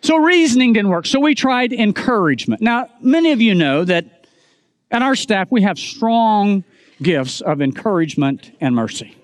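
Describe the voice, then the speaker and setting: A middle-aged male pastor preaches a sermon in a storytelling manner, moving from humor to earnest appeals. His voice sits high and swings widely. The sound is dry and close. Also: very animated, normal speed, dry recording.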